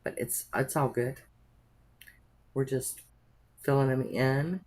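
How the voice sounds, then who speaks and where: A woman's voice: extremely low pitch, steady tone, slow, darkish tone. Chatty woman doing a nail tutorial. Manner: chatty, rambling, homey asides. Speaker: nail art vlogger. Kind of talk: casual tutorial narration.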